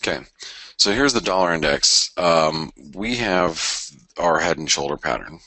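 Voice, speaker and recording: This is the same kind of live trading broadcast: a middle-aged male host giving casual market commentary in a low, bright, forceful voice that is quite expressive. He keeps a measured pace but rambles, often stumbling and restarting mid-thought. The audio is dry.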